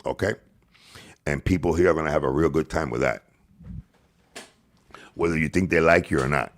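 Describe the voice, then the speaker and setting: A man's voice: rumbling low, moderate pace, pauses often. A man hosting a livestream, ranting and taunting his rivals with profane insults. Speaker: livestream host.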